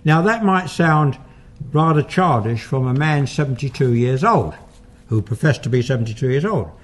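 A man working as a paranormal investigator, calmly recounting his experiments in a measured, explanatory way. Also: mid-range voice.

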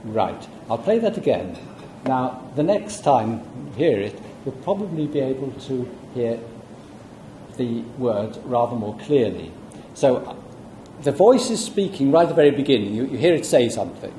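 A man giving a public lecture, explaining at a measured pace with asides to the audience. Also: mid-range voice, big pitch swings, background noise. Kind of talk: public lecture with audio playback. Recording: echoey room, faint ambience.

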